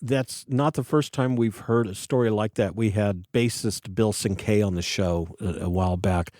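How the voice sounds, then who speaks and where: A man with a low, warm voice hosts an interview and speaks sincerely, offering his own anecdotes before each question. He is recorded close and dry. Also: moderate pace, no echo. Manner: earnest, appreciative, sets up questions with his own stories. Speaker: podcast host. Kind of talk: interview conversation.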